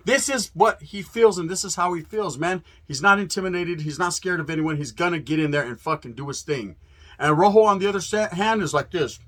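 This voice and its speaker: A man's voice: fairly high pitch, lively intonation, a little fast, a bit bright. A man from California hosting a profane, fired-up fight promo, talking in street slang laced with Spanish words. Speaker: host. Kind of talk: hyped fight promo monologue.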